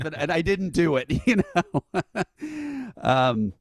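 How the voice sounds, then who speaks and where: A man with a somewhat high voice speaks slowly, with no echo, as an interview guest and event founder. He tells a long anecdote casually, acting out the other people's lines with laughs like an animated storyteller.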